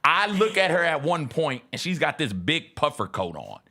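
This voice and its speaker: A man's voice: on the high side, moderate pace. A man co-hosting a radio show, telling a story in casual chat with restarts. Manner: lively, animated, with frequent restarts and laughs.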